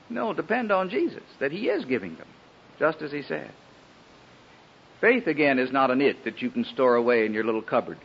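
A man preaching a sermon in an earnest, pleading way, with a husky voice. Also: medium pitch, slight background noise. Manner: earnest, pleading, rising and falling emphasis. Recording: dull lo-fi old sermon recording.

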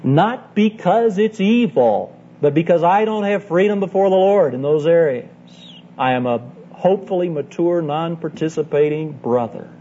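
A man's voice: fairly high pitch, expressive, moderate pace, dark tone. A middle-aged man, a Bible college teacher, giving an earnest, emphatic conference sermon full of personal stories and direct appeals to his listeners. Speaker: Bible college teacher speaking to church leaders. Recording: dull lo-fi tape with faint hum.

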